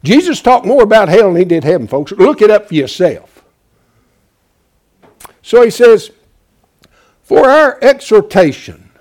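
A male preacher giving a fiery sermon, swinging from loud, emphatic urging to quiet pleading and dropping in "bless God" as he goes. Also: sits high, very animated, measured pace, pauses often. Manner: repeats "bless God" as a filler.

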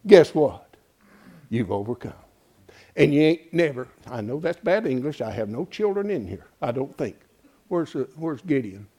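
A man preaching a sermon in a folksy, animated way, with exclamations of praise. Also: medium pitch, normal speed. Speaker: pastor.

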